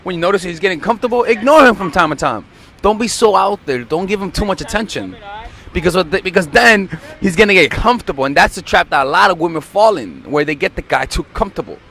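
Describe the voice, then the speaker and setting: A man's voice: sits high, expressive, fast talker, a bit bright. A young man coaching on dating, blunt and profane, acting out quoted lines. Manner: profane, emphatic, acts out quotes. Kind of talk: blunt dating advice monologue.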